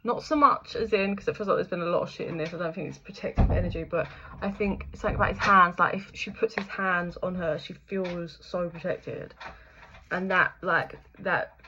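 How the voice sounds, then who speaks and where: A woman's voice: fairly low pitch, steady tone, normal speed, highs cut off, background noise. A young woman giving a casual, chatty spiritual reading, full of fillers, the odd swear word and frequent laughter. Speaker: intuitive reader.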